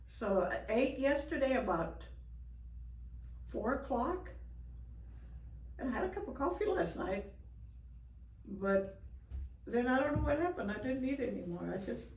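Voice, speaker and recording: An older woman telling a folk story in a lively, expressive way, with gasps for effect. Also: on the high side, measured pace, pauses often, slight background noise. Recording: roomy, from far off.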